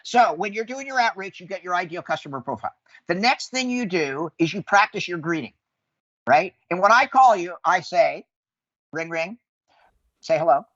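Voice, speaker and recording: A man coaching on sales calls with high energy, acting out phone greetings in quoted voices. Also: lively intonation, a little fast, a bit bright, no room sound. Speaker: sales guest. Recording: dull lo-fi sound.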